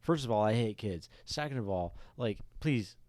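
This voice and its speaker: A man's voice: lowish voice, animated, normal speed, a little mellow, no echo. A man co-hosting a podcast in casual chat, telling rambling, crude stories full of "like" and laughter. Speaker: podcast co-host.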